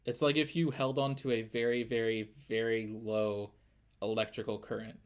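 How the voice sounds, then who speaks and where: A man's voice: fairly low pitch, flat delivery, moderate pace. A man narrating as game master, loose and full of fillers. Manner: loose, filler-heavy descriptions.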